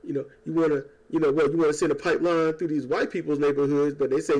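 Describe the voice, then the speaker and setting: A man talking at home in a casual political rant. He rambles, swears and turns sarcastic, tossing in quick mocking impressions. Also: on the high side, steady tone, a little mellow. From United States. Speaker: YouTuber. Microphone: old desk microphone.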